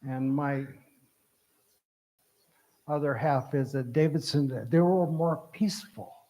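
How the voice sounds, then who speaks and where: A man introducing himself to a group in an unhurried, chatty way. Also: on the high side, dark tone, rough recording. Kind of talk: casual self-introduction.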